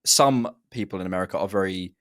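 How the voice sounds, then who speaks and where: A man hosts a casual podcast with an easy, chatty voice. He teases his co-host and drops quick asides in a relaxed flow. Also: low-pitched.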